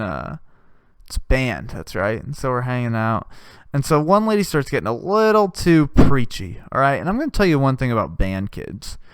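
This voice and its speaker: A young adult podcast host ranting through a profane comic story. The pitch swings widely and lively, and the voice sits dry and close with no room sound. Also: smooth, dry recording. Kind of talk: comedic storytelling monologue.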